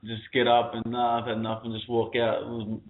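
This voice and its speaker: A man's voice: medium pitch, monotone, a little fast. A man on a panel discussion, speaking in a conversational, questioning way. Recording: tinny phone-like audio.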